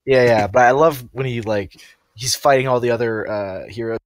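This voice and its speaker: A man's voice: medium pitch, normal speed. A man co-hosting a casual podcast chat, rambling with lots of fillers and frequent laughs. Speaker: podcast co-host.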